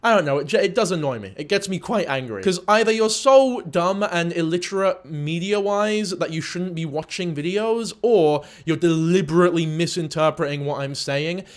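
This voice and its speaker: A man's voice: on the high side, moderate pace, few pauses. Swearing young man ranting in commentary. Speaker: YouTube commentator. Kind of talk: profane reaction commentary.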